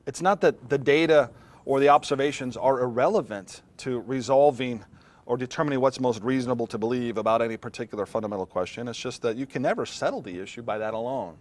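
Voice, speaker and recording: A man's voice: medium pitch, quick pace. Man giving a conversational philosophy lecture. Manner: conversational, asks the class questions. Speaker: philosophy professor. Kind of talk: classroom lecture. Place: classroom.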